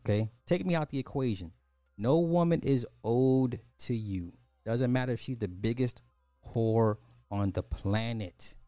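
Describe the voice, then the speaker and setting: A man's voice: medium pitch, a little slow, mellow, no room sound, clean studio sound, soft background music. A man hosting a commentary podcast, reacting to clips in an exasperated way and repeating phrases for emphasis.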